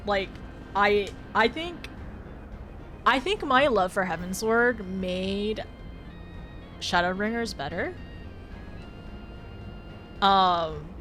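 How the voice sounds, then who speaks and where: A woman's voice: mid-range voice, fairly bright tone. A woman livestreaming a game, chatting casually with viewers, giggling often and tripping over her words. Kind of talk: casual live-stream chat while gaming.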